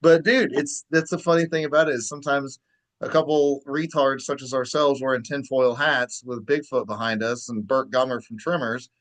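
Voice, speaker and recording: A man's voice: medium pitch, steady tone, normal speed, fairly bright tone. A man hosting a podcast in casual chat, agreeing easily and swearing freely. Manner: agreeable, laid-back, profane. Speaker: podcast host.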